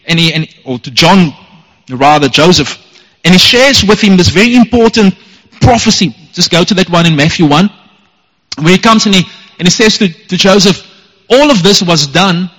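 Male pastor, earnest emphatic sermon delivery, slightly high, echoey church hall. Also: lively intonation, normal speed, fairly bright tone. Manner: earnest, emphatic preaching with repeated phrases.

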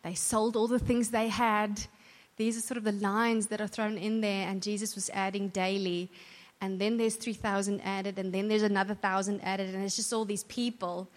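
A woman speaks at church in a mid-range voice with flat delivery and normal speed, earnest and warmly conversational, often restarting and correcting her sentences. Long hall reverb surrounds the recording.

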